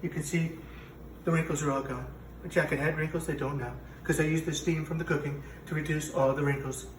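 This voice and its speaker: In a comic parody, a man with a fairly high, steady voice plays a boastful president hosting a cooking show in his home kitchen, bragging, rambling and contradicting himself at a brisk clip. The performance is lightly acted, with slight background noise, and the mic sits at a distance in the echoey kitchen.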